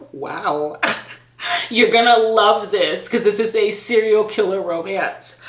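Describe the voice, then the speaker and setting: A woman vlogging a casual book unboxing, gushing and excitable. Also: medium pitch. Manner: gushing, excitable, laughs and gasps often. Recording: echoey room with faint noise.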